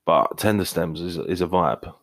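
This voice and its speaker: Deep-voiced man in casual podcast chat. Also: normal speed, dry recording, studio quality. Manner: chatty, trying out accents. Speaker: podcast co-host.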